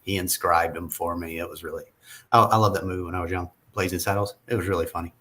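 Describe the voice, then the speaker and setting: A man with a Southern American accent, chatting casually on a podcast. His voice sits fairly low. He rambles through his stories and chuckles often. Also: fairly even intonation, fast talker, sharp tone. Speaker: podcast guest. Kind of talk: casual chat.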